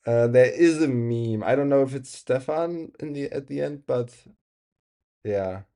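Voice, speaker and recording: A man's voice: medium pitch, measured pace, vocal fry, mellow. German-accented man streaming a game. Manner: chatty, reads chat aloud, laughs often. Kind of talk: live-stream chat while gaming.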